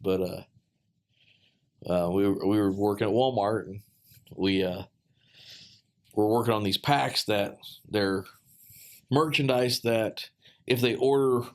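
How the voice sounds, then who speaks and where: A man telling a heartfelt personal story in a casual podcast chat, earnest and halting, with many fillers and restarts. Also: lowish voice, steady tone.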